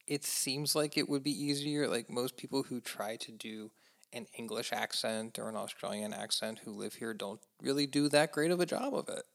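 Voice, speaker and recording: A man's voice: medium pitch, moderate pace, vocal fry. An American man co-hosting a casual movie podcast, chatty and enthusiastic. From United States. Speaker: podcast co-host.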